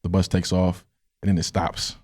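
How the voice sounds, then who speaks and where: A man's voice: low-pitched, monotone, normal speed, a little mellow. A young man hosting a podcast, telling a story in casual chat and often checking in with "right?". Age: young adult. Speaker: podcast host.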